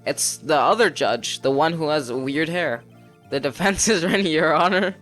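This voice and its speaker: A man's voice: on the high side, normal speed, fairly bright tone. Man, casual game stream, reads every character himself, light music behind. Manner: reads all characters in his own voice, laughing at the game. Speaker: streamer reading game dialogue aloud. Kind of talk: casual gameplay reading with commentary. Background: faint game music.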